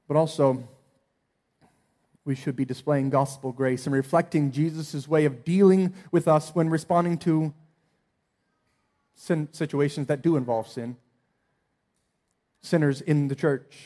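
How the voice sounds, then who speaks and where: A pastor in his thirties preaching with earnest conviction, his voice sitting a little high for a man. He drops to quiet, gentle phrases and then climbs into forceful appeals. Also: steady tone, measured pace, pauses often. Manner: earnest, swings from soft to emphatic. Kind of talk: sermon.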